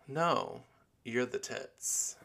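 A man's voice: medium pitch, huge pitch swings, drawn-out words, vocal fry, pushed and bright, exaggerated voice. A man voicing a cool young British woman at a bar, with a put-on British accent and cheeky slang.

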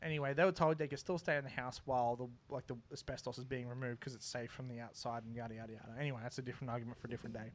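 A man's voice: mid-range voice, fairly even intonation, very fast, hardly any pauses. A young man, telling a funny story in casual chat and acting out his neighbours with laughs. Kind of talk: casual anecdote.

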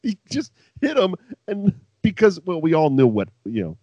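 A man's voice: fairly high pitch, wildly swooping pitch, moderate pace, dark tone, dry recording. A man co-hosting a podcast, chatting casually about old wrestling and rambling with profanity and laughing asides. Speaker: podcast co-host. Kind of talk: casual wrestling recap chat. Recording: dull lo-fi dry sound.

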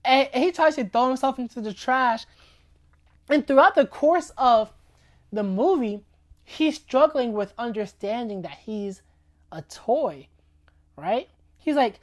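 A woman's voice: on the high side, animated, a little slow, pauses often. Chatty woman giving a casual faith talk. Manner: conversational, keeps asking "right?" and "you know what I'm saying?". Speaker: speaker giving a faith message.

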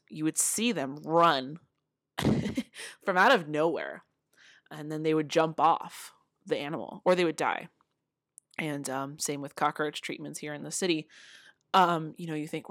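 Woman, low voice, dry close sound, earnest casual vlogger. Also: unhurried, fairly bright tone, no echo. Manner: earnest, many fillers, with laughs. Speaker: motivational speaker. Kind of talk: casual talk to camera. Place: city home.

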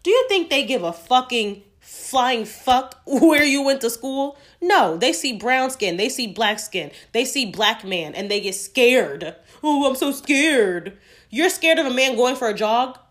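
Outspoken woman, fairly high voice. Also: animated, a little slow, hardly any pauses, fairly bright tone. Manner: outspoken, emphatic, swears freely. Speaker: podcast host. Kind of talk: solo podcast commentary.

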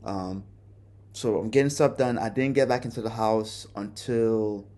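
A man's voice: on the low side, a little slow, dark tone. A man hosting a podcast, telling a personal story in a candid, casual way and cursing often. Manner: candid, profane, conversational. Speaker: podcast host.

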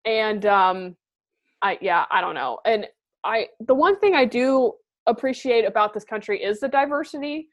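A woman's voice: on the high side, expressive, normal speed. A young woman in casual chat, blunt and full of fillers, swearing often.

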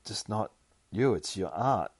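A man's voice: lowish voice, animated, a little slow, a little mellow, husky, no echo. A man doing a blunt, dismissive girlfriend. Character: blunt young woman, the artist's girlfriend.

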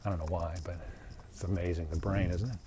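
A man's voice: sits low, level tone, quick pace, noisy background. A man hosting his own podcast, talking in a rambling, reflective, self-deprecating monologue. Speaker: podcast host.

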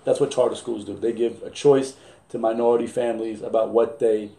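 Male basketball coach in his 40s, casual, profane storyteller, mid pitch, roomy sound. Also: a little fast. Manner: animated, profane, acts out quoted exchanges. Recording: roomy echo.

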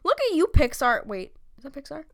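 Animated high-voiced woman from Long Island. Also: a little fast. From Long Island, New York. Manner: animated joking storyteller, swears freely. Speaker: podcast co-host. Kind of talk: casual chat.

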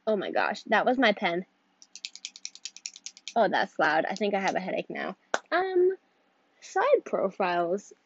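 A woman's voice: medium pitch, very animated, measured pace, long pauses, highs cut off, background noise. A teenage girl hosting her own podcast, chatting casually in a rambling, giggly way that keeps interrupting itself. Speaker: podcast host. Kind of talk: casual solo podcast chat.

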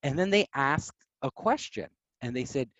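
A man telling stories as an interview guest, animated, acting out quoted voices. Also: mid-range voice, moderate pace, no room sound. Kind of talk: casual storytelling.

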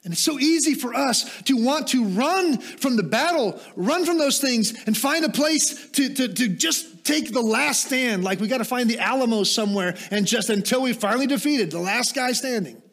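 A man preaching a sermon, asking rhetorical questions and moving into quiet, explanatory teaching with small self-deprecating asides. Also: extremely high pitch, expressive, normal speed, hardly any pauses. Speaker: pastor.

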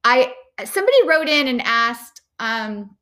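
A woman's voice: fairly high pitch, animated, a little slow, pushed and bright. Chatty woman hosting a podcast. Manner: chatty, many fillers and restarts. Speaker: podcast host. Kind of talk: casual interview chat.

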